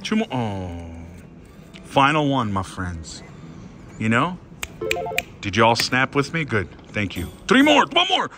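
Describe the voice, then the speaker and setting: Excitable man narrating his slot spins. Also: medium pitch, slow, pauses often, over music. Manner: excitable, talks to viewers, swings between hushed and shouting. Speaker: slot machine vlogger. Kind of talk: excited casino commentary.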